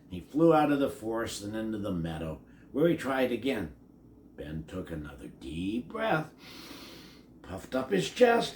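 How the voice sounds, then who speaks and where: A man's voice: medium pitch, sing-song, measured pace. An older man reading a picture book aloud to children, adding chatty asides to his young listeners. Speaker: storybook reader. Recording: echoey room.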